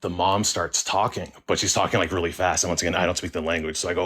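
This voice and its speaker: A young man with a very low voice and a bright, forceful tone tells his own story in a casual way. He halts often and restarts his sentences, filling the gaps with likes and ums. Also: steady tone, fast, few pauses, slightly rough. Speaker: caller sharing a story. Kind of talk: casual first-person storytelling.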